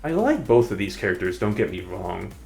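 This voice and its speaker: A man's voice: fairly low pitch, very animated, fairly quick, gravelly, darkish tone, faint music behind. A man streaming and chatting casually, rambling and hesitating as he corrects himself mid-sentence. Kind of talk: casual live-stream commentary.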